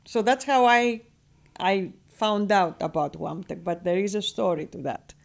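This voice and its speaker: A woman with a Greek accent, a guest on a radio interview, telling her business story in a lively, chatty way and laughing often. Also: medium pitch, unhurried, gravelly. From Greece. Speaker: guest, real estate broker.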